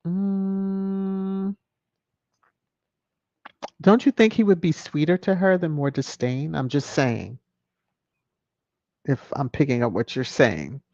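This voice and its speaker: A woman hosts a relaxed livestream and reads out viewer comments at an unhurried pace. She teases and chuckles as she goes. Her voice comes through slightly muffled and dry, with no room sound. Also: low voice, no echo. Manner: playful, chuckling, teasing asides. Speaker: livestream host. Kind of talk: casual livestream chat, reading viewer comments.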